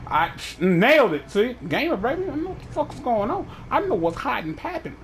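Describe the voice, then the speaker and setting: A man's voice: extremely high pitch, sing-song, a little fast, a little hiss or hum. A man hosting a casual chat, talking in a profane, rambling way with many restarts. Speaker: podcast host.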